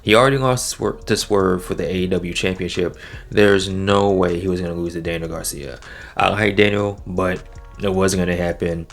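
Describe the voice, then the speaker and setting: A low-voiced man talks through a wrestling episode in a relaxed, slangy way. He sounds like he is chatting with friends. His pitch jumps up when he gets excited. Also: normal speed, gravelly, soft background music. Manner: laid-back slangy talk, animated swings in pitch. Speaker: wrestling show reviewer. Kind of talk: casual solo review recap.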